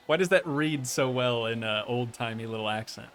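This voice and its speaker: A man's voice: medium pitch, normal speed, soft background music. A man streaming a park-building game, chatting casually and rambling along while tired at the end of a long stream. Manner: relaxed, rambling, self-amused.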